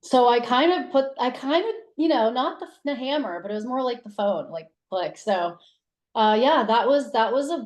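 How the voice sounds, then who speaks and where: A woman in her thirties, a guest telling personal stories in casual conversation, acting out quotes with big jumps in pitch. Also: expressive, normal speed, a little mellow. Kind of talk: casual interview storytelling. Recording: roomy echo.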